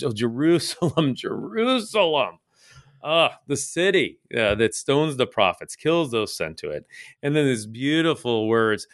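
In a clean, echo-free studio recording, a man with a mid-range, fairly bright voice co-hosts a relaxed Bible study conversation. He discusses Bible passages in an earnest, reflective way, often using fillers and restarting his sentences.

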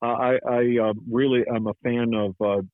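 A man, a pastor, speaking haltingly with many restarts in a radio Bible study conversation. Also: medium pitch, level tone, no echo. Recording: dry, tinny phone line.

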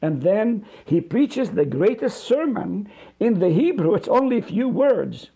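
A middle-aged pastor leads a Bible study in a slow, unhurried voice with a gravelly edge. His tone is dark and mellow but slightly husky, and he sits a little above most men in pitch. He preaches earnestly, stacking repeated phrases for emphasis. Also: sing-song. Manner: explains Hebrew words slowly, drawing them out. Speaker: pastor, guest Bible teacher. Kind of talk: radio Bible study teaching.

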